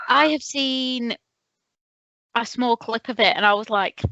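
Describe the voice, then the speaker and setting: Woman, podcast co-host, playful teasing chat, a bit high, bright tone, dry close sound, muffled lo-fi audio. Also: huge pitch swings, slow pace, dry recording. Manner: playful, self-mocking, teasing. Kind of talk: casual chat.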